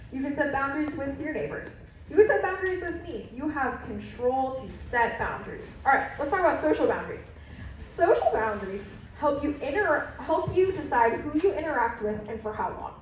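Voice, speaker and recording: A woman youth pastor gives a playful, talkative sermon, often addressing the crowd directly. Her voice sits high. She is recorded from across a large hall, so heavy echo surrounds every word. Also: slight background noise. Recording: echoey hall from far off.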